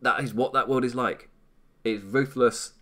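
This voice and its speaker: A man's voice: medium pitch, unhurried, sharp tone. British guy on a live stream, rambly, pokes fun at himself, laughs a lot. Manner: rambling, self-mocking, laughs often. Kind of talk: casual live-stream commentary.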